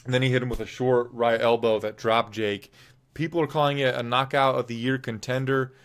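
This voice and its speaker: A man's voice: medium pitch, steady tone, a little fast. Opinionated man recapping fights. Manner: rambling, opinionated, self-correcting. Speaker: MMA show host. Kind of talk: casual fight recap commentary.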